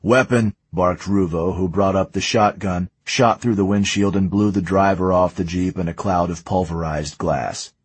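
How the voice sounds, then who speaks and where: A man reading a story aloud in a measured, steady way. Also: low voice, husky, dry recording. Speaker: audiobook narrator. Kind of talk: scripted narration.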